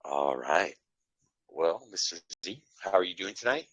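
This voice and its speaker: A man's voice: deep voice, lively intonation, unhurried, a bit bright, breathy edge, dry recording, dull audio. A man hosting a podcast in casual chat, upbeat and laughing, giving pep talks. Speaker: podcast host.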